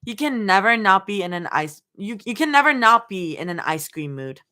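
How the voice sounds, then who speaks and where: A woman reading aloud and voicing a cheerful, playful young woman in a fan story, with a bright, teasing delivery. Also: mid-range voice, lively intonation, normal speed.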